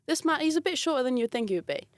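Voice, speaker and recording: A woman's voice: high voice, very fast, no echo. A woman in casual conversation, telling a work story with lots of laughter and acted-out quotes. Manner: animated, laughs often, acts out quoted voices.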